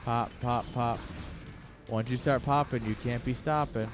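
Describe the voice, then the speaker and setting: Excitable male game caster, joking. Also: mid-range voice, a little slow, background noise. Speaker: esports caster. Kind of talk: live game commentary.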